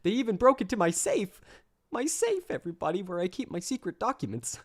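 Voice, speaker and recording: A man's voice: sits high, wildly swooping pitch, fairly quick, voice pushed up, heavily acted. Man doing a sobbing, petulant older ex-president. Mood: whining. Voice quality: petulant, tearful whine. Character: whiny sobbing older male ex-president, petulant rich kid.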